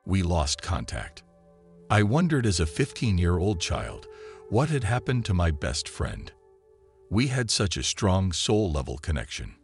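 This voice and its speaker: A man narrating a listener's written story in the first person, in a calm and measured reading style. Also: sits low, creaky, breathy edge. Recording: soft music behind the voice.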